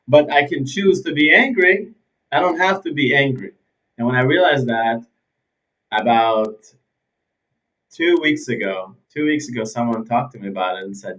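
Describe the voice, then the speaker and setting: A man hosting a motivational self-help video, talking straight to his viewers in an animated way, losing his thread now and then and swinging between loud and quiet. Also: medium pitch, moderate pace. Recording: slightly distant, dull sound.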